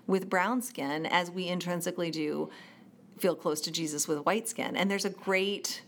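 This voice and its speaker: A woman's voice: on the low side, moderate pace. A woman in casual podcast conversation who tells stories with energy and acts out the voices of the people in them. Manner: animated storyteller, acts out quoted voices. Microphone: studio microphone.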